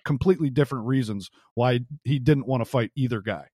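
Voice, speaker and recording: A man's voice: mid-range voice, fairly quick, a little mellow, slightly rough, no room sound, studio quality. A man co-hosting a boxing podcast, ranting in casual chat, swearing and mocking with put-on voices. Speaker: podcast co-host.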